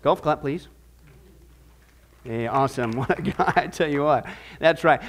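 A man's voice: fairly high pitch, unhurried, pauses often. A man teaching a church discipleship class on stewardship, reading scripture and teasing the class with jokes and mock voices. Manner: jokey, teasing asides, mock voices for the proud.

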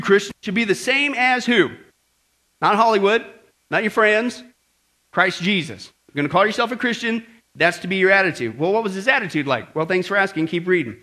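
A man preaching a sermon as pastor, with lively asides and frequent "okay?" and "right?" checks to the congregation. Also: sits high.

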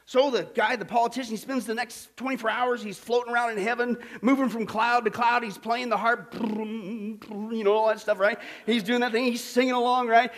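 A man's voice: very high voice, moderate pace. A male pastor preaching a sermon, telling a joke with laughs and quizzing the congregation with questions. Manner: lively, laughing storyteller, asks the crowd questions.

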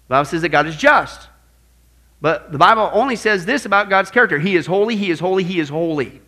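Male pastor, high voice, bright and forceful tone, emphatic classroom sermon, rhetorical questions. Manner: emphatic, animated, asks audience rhetorical questions. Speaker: pastor teaching apologetics. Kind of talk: classroom-style sermon lesson.

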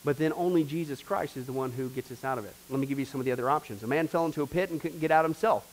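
A man's voice: mid-range voice, racing, a little hiss or hum, low-quality recording. A man teaching a church discipleship class in an emphatic preaching style, repeating phrases and talking straight to the group. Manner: emphatic, repetitive, addresses the class directly.

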